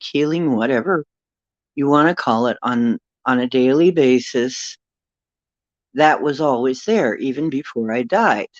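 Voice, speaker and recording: A woman's voice: sits low, no echo, lo-fi sound. A middle-aged woman telling a rambling personal story to a live chat, stopping now and then to greet viewers. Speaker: paranormal livestream host.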